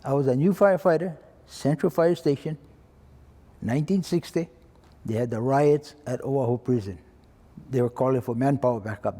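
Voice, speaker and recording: Speaking plainly in Hawaiian Pidgin-tinged English, a retired fire chief in his eighties shares an oral-history story and acts out others' voices. His voice is medium-pitched and dark, echoing in a spacious room.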